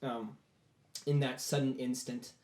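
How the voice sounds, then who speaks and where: A man's voice: mid-range voice, little pitch movement, measured pace, darkish tone. A man narrating a tabletop game as game master, in casual storytelling with lots of "like" fillers. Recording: roomy echo.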